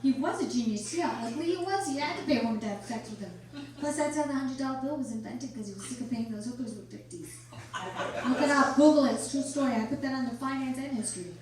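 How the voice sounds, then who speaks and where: A middle-aged woman performing a crude stand-up comedy set on a club stage, delivering brash deadpan punchlines to the crowd. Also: high-pitched, fast talker. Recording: roomy club sound from a distance with crowd. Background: audience laughter.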